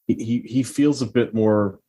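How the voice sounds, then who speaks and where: A man's voice: lowish voice, steady tone, normal speed, dark tone, breathy edge. A man co-hosting a film podcast, casually sharing trivia with some hesitations. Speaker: podcast co-host.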